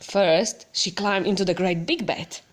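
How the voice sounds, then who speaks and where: A woman reading a picture book aloud to a child, expressive, gasping and asking the listener questions. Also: on the low side, a little slow.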